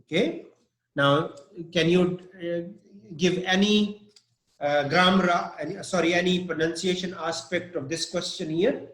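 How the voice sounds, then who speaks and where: Slow, halting male teacher, echoey room. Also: sits high, steady tone, fairly bright tone. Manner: slow, halting, many fillers and "okay?" checks. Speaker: English teacher. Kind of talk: live pronunciation lesson.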